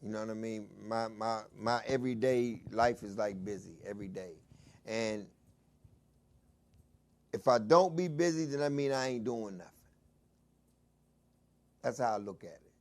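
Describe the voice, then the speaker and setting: A man from Washington DC hosting his own talk show, shouting hype calls at times but mostly chatting in a relaxed, low-key way. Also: normal speed, long pauses. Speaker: host. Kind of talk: casual talk show monologue.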